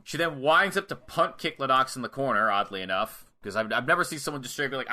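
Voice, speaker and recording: A young man talks through a wrestling match on a podcast, laying out each move in a casual run and slipping into quick acted lines for the wrestlers. His voice is very bright and sharp-edged. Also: mid-range voice. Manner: animated play-by-play with acted-out quotes and swearing. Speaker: podcast co-host. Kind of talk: casual chat, match recap.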